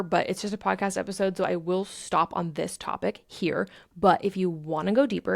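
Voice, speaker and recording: A woman's voice: on the low side, gravelly, darkish tone, no echo, clean studio sound. A woman hosting a podcast, talking in a blunt, emphatic, casual motivational monologue and swearing freely. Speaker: podcast host.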